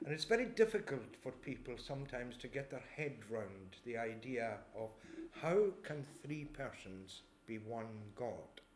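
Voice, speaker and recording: A man of ordinary pitch preaches a measured sermon, reading scripture slowly and pausing to explain each verse. He clears his throat now and then. The sound rings around an echoey church with faint ambience behind. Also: slight background noise.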